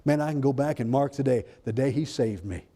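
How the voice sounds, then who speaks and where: A male pastor preaching a fervent sermon, swinging between loud exclamations and hushed, intimate lines. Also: mid-range voice, brisk. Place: church sanctuary. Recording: long hall reverb in a church.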